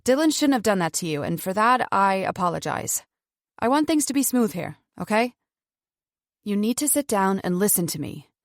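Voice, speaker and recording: A woman's voice: medium pitch, very animated, moderate pace, no room sound, clean studio sound. A woman reading an audiobook, voicing a chatty, patronising woman captor who holds a gun and talks falsely soothing. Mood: coolly menacing.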